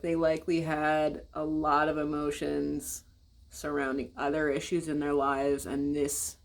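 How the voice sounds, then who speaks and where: An American woman vlogging in casual, blunt, rambling talk, swearing and speaking straight to her viewers. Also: deep voice. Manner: blunt, rambling and profane, addresses viewers directly.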